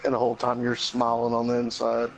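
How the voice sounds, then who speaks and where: A man with a gravelly, creaky voice tossing in short teasing remarks from away from the mic. Faint music plays behind him. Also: mid-range voice, monotone, fast talker. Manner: brief teasing interjections.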